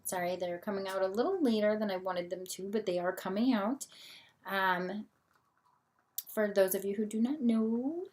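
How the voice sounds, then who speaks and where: A young woman in her own channel's tarot reading, talking casually and full of "um"s and small laughs. She has the hiccups as she chats. Her voice sits at a middling pitch, picked up by a camera mic at her table. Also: moderate pace, darkish tone. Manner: chatty, many fillers, laughs a lot. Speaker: tarot reader, channel host.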